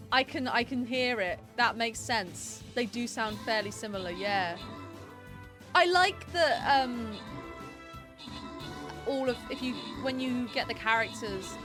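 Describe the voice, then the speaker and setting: A woman chatting playfully and giggling while she streams a game. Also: a little high. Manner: giggly and playful, narrating her gameplay. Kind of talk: casual game stream chat. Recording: faint game music behind.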